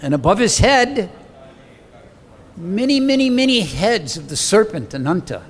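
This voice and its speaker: A man giving a scripture lecture as an animated, dramatic storyteller who acts out the quoted voices. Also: high-pitched, a little slow. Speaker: preacher. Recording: long hall reverb, faint background hum.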